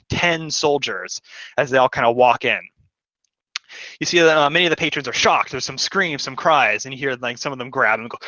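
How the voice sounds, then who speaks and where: A man's voice: mid-range voice, sharp tone, no echo, rough recording. Rambling man running a tabletop game. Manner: rambling, filler-heavy narration. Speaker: game master.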